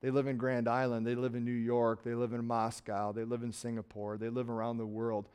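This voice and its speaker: A middle-aged man from Nebraska preaching a sermon in a conversational way, swinging from loud emphasis to quiet trailing words. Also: mid-range voice, completely flat delivery, brisk, clear, resonant tone. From Nebraska, USA. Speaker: pastor.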